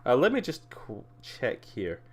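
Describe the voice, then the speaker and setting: A man's voice: mid-range voice, wildly swooping pitch, unhurried, breathy edge, faint music behind. A young man streaming live, rambling casually with lots of fillers and frequent laughs.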